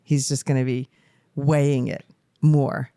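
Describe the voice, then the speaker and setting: A woman's voice: a bass voice, flat delivery, unhurried, dark tone, smooth, dry recording. Chatty middle-aged woman, dry close mic. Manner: chatty, emotional, laughs often. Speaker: podcast co-host, new grandmother. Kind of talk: casual family chat.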